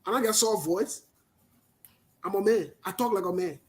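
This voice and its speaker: A man with a Liberian accent giving emphatic political commentary, talking loudly and repeating his points. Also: high voice, normal speed. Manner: forceful, emphatic, repetitive, passionate.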